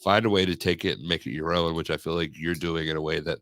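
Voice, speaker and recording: Young guy hosting a podcast, deep gravelly voice, rambly and jokey. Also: steady tone, fast talker, fairly bright tone, no echo. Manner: rambling, joking. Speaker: podcast host. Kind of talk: casual chat.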